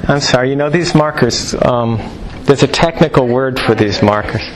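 Animated man lecturing to a room. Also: mid-range voice, moderate pace, poor audio. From New York. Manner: animated, jokey, rhetorical questions. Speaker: lecturer on Chinese medicine. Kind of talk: live lecture to practitioners.

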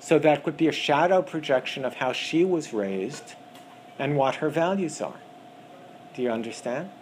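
A man gives an animated lecture to a class, his voice sitting slightly high. He breaks into quick impressions of callers to make his points. A faint hiss of room noise runs underneath. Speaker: acupuncture teacher. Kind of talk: lecture with acted examples.

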